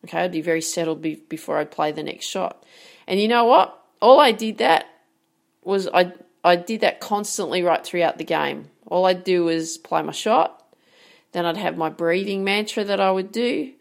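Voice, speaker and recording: A woman's voice: fairly low pitch, creaky. A woman giving a motivational coaching talk about handling nerves, direct and emphatic, often asking rhetorical questions. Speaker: sports mindset coach.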